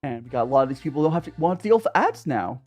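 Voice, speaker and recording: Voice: medium pitch, big pitch swings, very fast, darkish tone, faint music behind. A young adult streamer chatting casually over tea, rambling and greeting viewers by name. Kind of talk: casual chat while drinking tea.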